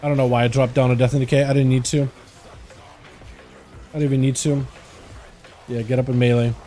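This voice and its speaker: A young man casually commenting on his own gameplay during a live stream, chatting with his teammates in a relaxed, talkative way. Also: mid-range voice, fairly quick, faint music behind. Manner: laid-back, chatty, talks to teammates.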